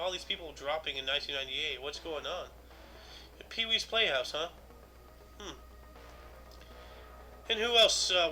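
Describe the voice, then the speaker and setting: Man, podcast host, high voice, reads history lists, dry asides, casual chat. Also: bright, forceful tone, rough recording.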